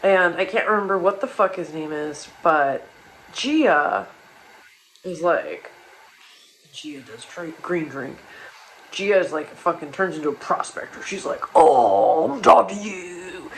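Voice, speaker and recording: A woman's voice: deep voice, lively intonation, a little slow, pauses often, a bit bright, slight background noise, low-quality recording. A young woman telling a wild personal story in casual comedic style, rambling and profane, with many restarts and asides.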